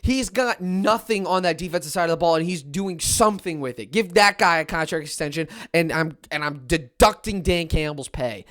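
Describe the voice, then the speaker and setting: A young man ranting as a fan on a sports podcast, frustrated and swinging into loud outbursts. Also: fairly high pitch, normal speed, few pauses. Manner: exasperated rant with sudden loud outbursts.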